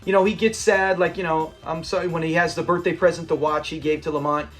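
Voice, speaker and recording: Man, high-pitched voice, casual fan commentary, rambling and enthusiastic, faint background music. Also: fairly even intonation, quick pace. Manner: enthusiastic and rambling, with frequent restarts and quoted lines. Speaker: channel host.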